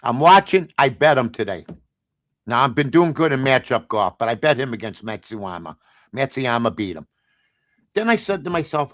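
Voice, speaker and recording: A man hosting a sports talk show, ranting bluntly and sarcastically, swinging between low mutters and loud outbursts. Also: animated, normal speed, no echo. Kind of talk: opinionated sports talk rant.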